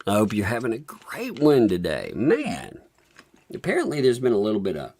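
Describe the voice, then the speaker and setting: Very deep-voiced, gravelly woman streamer. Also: huge pitch swings, moderate pace, dark tone. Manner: amused, mocking, laughing often. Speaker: livestream host. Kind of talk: casual livestream gossip commentary.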